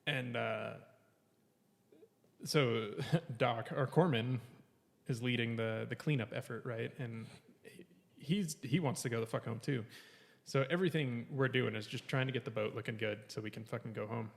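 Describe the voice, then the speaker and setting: Guy telling a rowdy story on a podcast, gravelly voice, swears a ton, kinda echoey room. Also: mid-range voice, normal speed. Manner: profane, laughing, quotes people animatedly. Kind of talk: casual storytelling chat.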